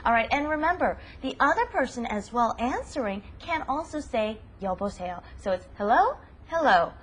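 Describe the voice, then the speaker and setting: A woman hosting a language lesson, upbeat and emphatic, drilling words slowly. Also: on the high side, expressive, fairly bright tone, breathy edge. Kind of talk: upbeat teaching.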